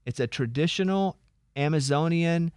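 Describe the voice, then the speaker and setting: A man hosting a radio talk show, telling a long story in a lively casual way and acting out what others said. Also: a little high, normal speed, clean tone, dry recording, studio quality. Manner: animated storyteller, acts out quoted voices.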